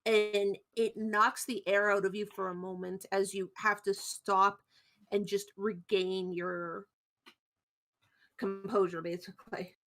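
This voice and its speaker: A woman running a tabletop game as game master, narrating in a relaxed, descriptive way. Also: medium pitch, takes it slowly, soft background music.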